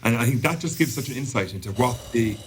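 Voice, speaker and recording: A man's voice: mid-range voice, expressive, slight background noise. A man, co-hosting a casual podcast and recapping a show in a chatty, rambling way. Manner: chatty, rambling, quick asides. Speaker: podcast co-host.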